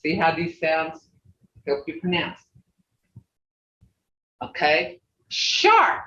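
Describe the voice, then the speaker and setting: A language teacher running an online class, folksy and plain-spoken, slowly repeating native words to drill their sounds. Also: mid-range voice, sing-song, sharp tone. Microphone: video call. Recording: distant, roomy, dull video-call audio with faint hiss.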